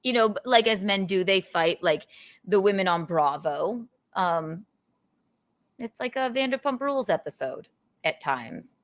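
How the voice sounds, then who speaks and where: A woman's voice: medium pitch, animated, a little slow. A young adult woman hosting a podcast, chatting casually and rambling with lots of giggles. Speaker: podcast host. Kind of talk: casual chat.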